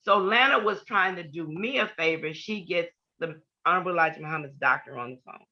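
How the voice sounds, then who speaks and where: A woman's voice: lowish voice, fairly quick. An older woman giving an earnest personal testimony in an interview, repeating key points for emphasis. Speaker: guest. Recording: dull lo-fi podcast audio.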